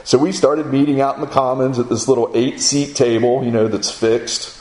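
A middle-aged man preaching in a conversational way, acting out his son's and others' lines in a higher voice. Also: steady tone, moderate pace, a little mellow, echoey room, poor audio. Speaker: speaker at a men's gathering. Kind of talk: sermon-style storytelling.

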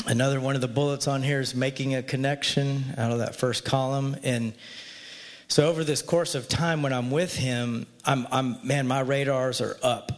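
A man speaking at a church, telling a personal story in an earnest, conversational way. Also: medium pitch. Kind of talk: personal story in a faith talk. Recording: long reverb from a large hall.

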